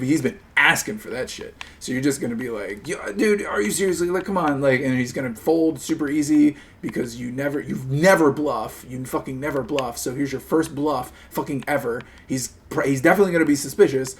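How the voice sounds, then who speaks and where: A man hosting a live stream, chatting casually and talking a friend into things in an animated, persuasive way, swearing freely and acting out little pleading voices. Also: mid-range voice, a little hiss or hum. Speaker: streamer host.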